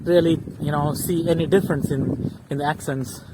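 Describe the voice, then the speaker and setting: A middle-aged Indian man with a Telugu English accent chats in a relaxed way and laughs easily. His voice is a little high for a man. Street traffic can be heard clearly behind him. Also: normal speed. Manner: relaxed, laughs often, asks questions. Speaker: host. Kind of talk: casual chat on an outdoor walk. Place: outdoors on an urban street while walking. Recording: street noise with passing traffic.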